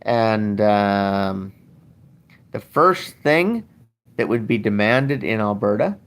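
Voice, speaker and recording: Brief: older man, host, blunt profane rant, unhurried delivery. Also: fairly low pitch, lively intonation, a bit bright. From Canada. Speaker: podcast host. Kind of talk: casual ranting talk.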